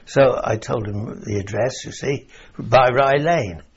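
A man's voice: medium pitch, measured pace, slightly rough. An older man from England, telling wartime memories in a rambling oral-history interview, chuckling and saying "you see" as he goes. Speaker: veteran interviewee. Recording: dull lo-fi recording.

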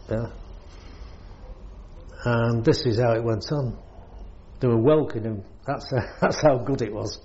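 A man's voice: medium pitch, takes it slowly, long pauses, darkish tone, highs cut off. An older British man, a war veteran, telling his service stories in a rambling way, chuckling often. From Britain. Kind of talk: oral history storytelling.

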